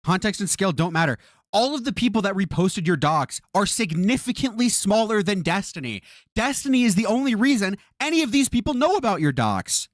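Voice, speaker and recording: A man reacts live on stream, firing back at a video in disbelief and swearing as he goes. His pitch jumps all over the place. The sound is dry and close. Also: sing-song, brisk, dry recording. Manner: incredulous, exasperated, swears a lot.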